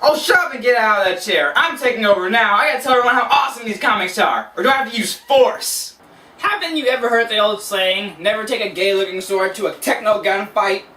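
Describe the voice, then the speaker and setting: Man doing a brash, shouting evil twin of himself, bright, roomy. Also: high-pitched, fairly quick, distant mic. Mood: bullying. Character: rude loud male evil alter ego of the host.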